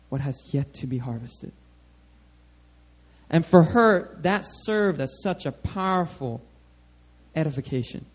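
A man preaching a sermon to a congregation, animated and conversational, often checking in with "all right?". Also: fairly high pitch. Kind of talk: sermon teaching.

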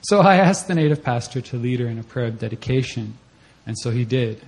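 A young man giving a personal testimony at a church service, telling the story in a conversational way and acting out his own reactions in a voice that jumps up high. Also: expressive, brisk, darkish tone. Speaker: church member giving a mission-trip testimony.

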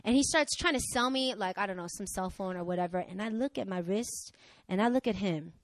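A woman preaching a sermon who tells candid personal stories and acts out the dialogue with lively energy. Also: medium pitch, fairly quick, no echo. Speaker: preacher, pastor's wife.

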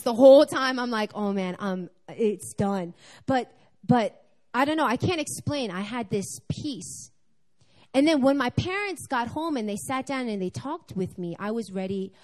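Woman, church speaker; animated personal testimony, conversational storytelling. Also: on the high side. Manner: animated storytelling, acting out dialogue. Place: church service.

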